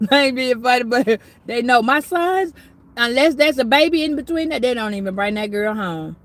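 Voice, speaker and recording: A woman's voice: a little high, lively intonation, normal speed. Blunt, profane middle-aged woman reader. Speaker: tarot reader. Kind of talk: casual astrology reading chat.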